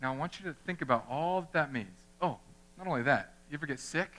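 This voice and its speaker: A young male pastor preaches in an animated, conversational way, often slipping into the voices of people he quotes. His voice sits fairly high and rings very bright and forceful. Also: fast. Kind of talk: sermon. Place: church chapel.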